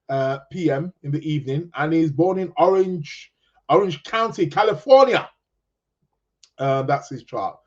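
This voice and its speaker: A man's voice: on the high side, muffled recording. A man hosting an astrology podcast, chatting casually and reading out viewer comments in a rambling, joking way. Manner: rambling, jokey, self-interrupting.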